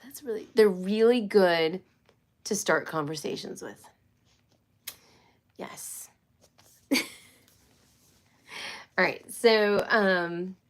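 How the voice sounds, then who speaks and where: A woman hosting a casual homeschool live stream, chatty and rambling, with many fillers and restarts. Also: lowish voice. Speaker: homeschool livestream host.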